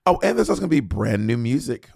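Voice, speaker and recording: A man's voice: mid-range voice, very animated, fast talker, creaky, a little mellow, slightly rough, no echo, clean studio sound. A man co-hosting a podcast, chatting in a campy, teasing way. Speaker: podcast co-host. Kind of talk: casual chat.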